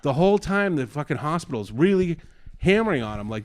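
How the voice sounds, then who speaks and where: A man co-hosting a casual podcast chat, retelling a story with animated acted-out quotes and frequent swearing. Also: on the high side, fairly quick. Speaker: podcast co-host.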